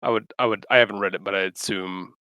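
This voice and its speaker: A man's voice: on the low side, steady tone, fast talker, bright, forceful tone, highs cut off. A man running a tabletop game as game master, hesitant and full of fillers.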